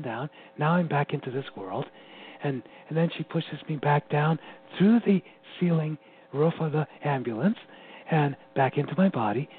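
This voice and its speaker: A man giving an animated, personal account as an interview guest, often laughing as he tells it. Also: on the high side. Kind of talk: personal storytelling. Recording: tinny phone-line sound with faint hum.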